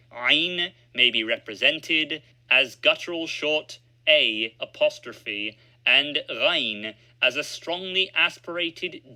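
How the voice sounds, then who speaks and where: Guy narrating an old language course audiobook, super slow, word by word, really bright sharp voice. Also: mid-range voice. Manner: slow, deliberate word-by-word drill reading. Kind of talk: reading a language course aloud.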